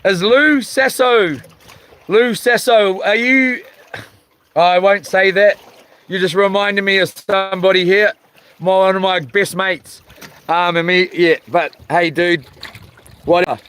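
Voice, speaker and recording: Slow-talking, bright-voiced New Zealand man. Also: high voice, fairly even intonation, clear, resonant tone, rough recording. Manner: laid-back, lots of ums, chuckles, firm when annoyed. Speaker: live-stream host reading chat. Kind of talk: casual live-stream chat.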